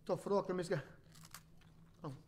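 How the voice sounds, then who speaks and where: A man's voice: sits high, steady tone, normal speed, a little mellow, slightly rough. A man, hosting a playful bedtime story livestream with jokey, teasing asides. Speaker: host reading a bedtime story. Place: home livestream.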